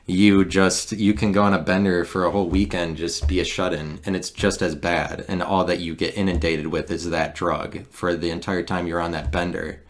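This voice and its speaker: A man's voice: low-pitched, flat delivery, normal speed, hardly any pauses. A man hosting a podcast, talking in a rambling, sarcastic solo monologue into a handheld recorder, often breaking off and restarting his sentences. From Midwestern United States. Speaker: podcast host.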